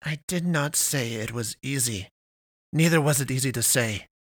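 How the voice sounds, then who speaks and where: A man reading the part of an earnest android woman pastor, grave and measured in her appeals. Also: medium pitch, fairly bright tone, dry recording, clean studio sound, lightly acted. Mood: wounded.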